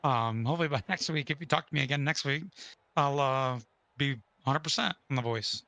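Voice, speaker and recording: A man who races sim cars, hoarse from losing his voice, talking matter-of-factly and a bit self-deprecating after a race, on a headset mic. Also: mid-range voice, fairly quick, pushed and bright, no room sound, rough recording. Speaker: sim racing driver. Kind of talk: casual post-race interview.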